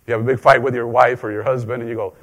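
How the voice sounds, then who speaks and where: A man's voice: mid-range voice, flat delivery, racing, a bit bright. A man preaching a conversational sermon as a pastor, joking in asides and repeating phrases for emphasis.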